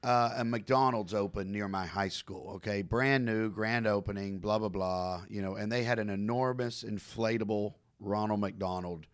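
A man's voice: lowish voice, steady tone, normal speed, few pauses. Man telling a prank story with a laugh. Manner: self-mocking, laughs through his own stories. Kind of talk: casual storytelling chat.

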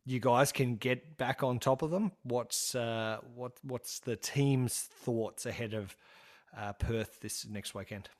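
A man hosting a podcast in casual chat, who talks haltingly with many fillers and restarts. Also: mid-range voice. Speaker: podcast host.

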